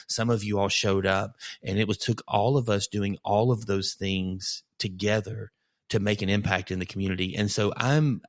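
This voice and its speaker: Brief: male pastor, slightly low voice, chatty and rambling, dry close mic. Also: no room sound. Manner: rambling storyteller, many restarts. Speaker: bivocational pastor. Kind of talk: casual podcast conversation.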